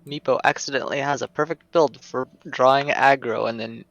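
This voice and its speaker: A man chatting casually as a player at a tabletop game, upbeat and quick to laugh. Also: mid-range voice, fairly even intonation, gravelly, fairly bright tone, muffled recording. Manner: upbeat, laughs between lines.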